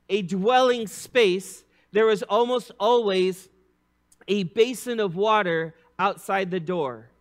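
A male preacher with a high, bright-sounding voice delivers a sermon in a loose, conversational way. He grows animated on his points and goes soft and low when he reads scripture. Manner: animated, drops to a hushed tone for scripture; casual preacher asides. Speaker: pastor.

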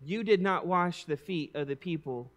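A male preacher with a high, bright-sounding voice delivers a sermon in a loose, conversational way. He grows animated on his points and goes soft and low when he reads scripture. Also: moderate pace. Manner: animated, drops to a hushed tone for scripture; casual preacher asides. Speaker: pastor.

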